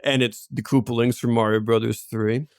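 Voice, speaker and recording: A man's voice: medium pitch, steady tone, normal speed, no echo, clean studio sound. A man co-hosting a podcast, telling stories in loose, rambling casual chat full of asides and laughs. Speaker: podcast co-host.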